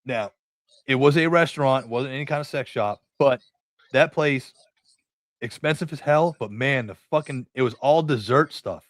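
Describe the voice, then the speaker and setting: A middle-aged man from New England hosts a casual podcast, swearing freely as he rambles through anecdotes and plays out both sides of the conversation. His voice sits at a medium pitch and is recorded dry, with no room sound. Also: moderate pace, no room sound. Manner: profane, rambling anecdotes with acted-out dialogue. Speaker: podcast host. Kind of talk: casual storytelling chat.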